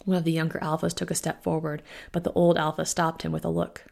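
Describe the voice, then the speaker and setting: A woman author reading her own novel aloud in a steady, measured audiobook narration. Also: sits low, vocal fry.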